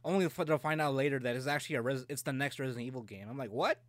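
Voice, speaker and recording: A man's voice: medium pitch, steady tone, very fast, no room sound. A man in casual chat, talking loosely, swearing freely and trailing off mid-thought.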